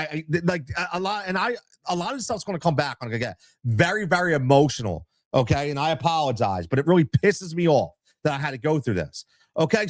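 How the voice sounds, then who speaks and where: A man's voice: on the high side, big pitch swings, brisk, dry recording. A man telling a story about a dispute as a youth soccer coach, getting heated, repeating himself, and acting out both sides of the talk. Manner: heated, repeats himself, acts out quoted dialogue. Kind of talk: casual storytelling, podcast interview.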